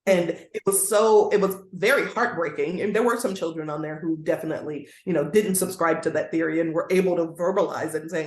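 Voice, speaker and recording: A woman's voice: fairly low pitch, a little fast, hardly any pauses. A woman guest educator speaking earnestly in a conversational interview, now and then acting out the voices she quotes. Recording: roomy echoey sound.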